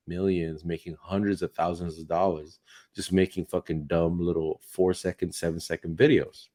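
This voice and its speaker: Low-voiced swearing male podcast co-host. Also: moderate pace. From United States. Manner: animated storytelling with heavy swearing. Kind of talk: casual comedic chat.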